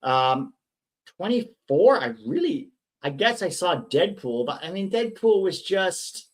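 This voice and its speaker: Young male streamer, higher voice, rambles through chat questions. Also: very animated, measured pace. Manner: chatty, rambling, reads viewer comments aloud. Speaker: watch-along host reading chat. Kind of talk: casual live-stream chat.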